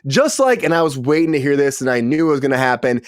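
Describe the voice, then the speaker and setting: A man's voice: mid-range voice, big pitch swings, fast, dry recording, clean studio sound. A man hosting a casual comedy news chat on a video call, upbeat and hyping the others up. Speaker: host.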